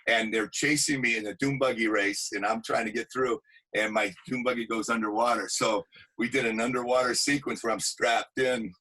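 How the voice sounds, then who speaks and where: A man, an actor and stuntman, telling animated anecdotes in a casual interview, acting out quotes. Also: medium pitch, moderate pace, husky, low-quality recording.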